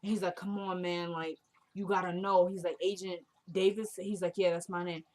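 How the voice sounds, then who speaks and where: A woman's voice: fairly low pitch, flat delivery, moderate pace, a little mellow. A woman casually recapping a TV drama episode, retelling the scenes and quoting the characters in a chatty, opinionated way.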